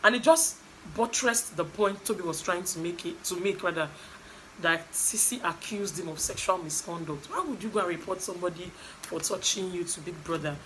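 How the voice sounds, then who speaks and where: A woman's voice: on the low side, moderate pace, a little hiss or hum, rough recording. Chatty Nigerian woman vlogger. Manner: animated, chatty storytelling with asides. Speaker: vlogger recapping a reality show. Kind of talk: casual gossip recap.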